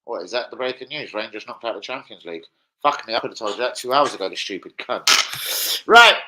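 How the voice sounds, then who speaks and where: A man's voice: fairly low pitch, very animated, fast talker, pushed and bright, poor audio. A man chatting live to viewers about football, with sweary, blunt banter. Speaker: football fan streamer. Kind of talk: casual live-stream chat.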